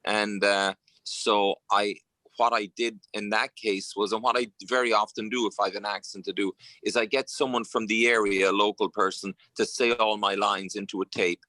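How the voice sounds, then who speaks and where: An Irish actor chatting casually as an interview guest, telling relaxed stories with plenty of fillers. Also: male voice, fairly low pitch, normal speed, no room sound. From Ireland. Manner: anecdotal, relaxed storytelling with frequent fillers.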